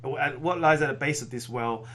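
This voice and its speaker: A man's voice: medium pitch, moderate pace, a little hiss or hum. A man hosting a podcast, reading out comic listings and stumbling over the words. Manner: stumbles through reading, relaxed. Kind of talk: casual chat and reading listings.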